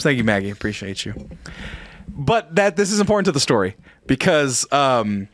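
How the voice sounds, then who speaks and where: A man's voice: on the high side, big pitch swings, a little fast, no room sound. A male podcast co-host, slightly tipsy, telling rambling, profane stories in casual chat on a close mic. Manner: rambling storyteller, swears freely.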